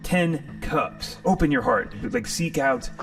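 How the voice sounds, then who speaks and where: A man's voice: mid-range voice, animated, slow pace, distant mic, soft background music. A man hosting a live tarot reading stream, rambling and jokey, sometimes profane. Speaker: tarot reader and stream host.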